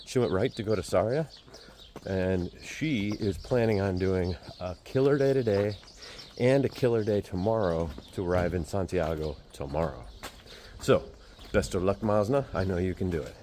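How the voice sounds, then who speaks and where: A man's voice: sits low, normal speed, mellow. A man talking casually to his camera while walking outdoors, chatty and joking to himself. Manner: chatty, rambling, self-joking. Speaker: vlogger walking a pilgrimage. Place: outdoors, walking through a town. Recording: outdoor street noise.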